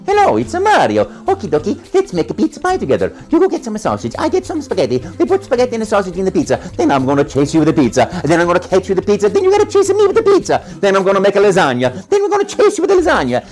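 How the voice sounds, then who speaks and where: Mario, a squeaky bouncy cartoon plumber. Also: male voice, wildly swooping pitch, darkish tone, faint music behind. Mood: playful. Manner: exuberant, rapid sing-song chatter. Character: cheery, bouncy adult male cartoon plumber.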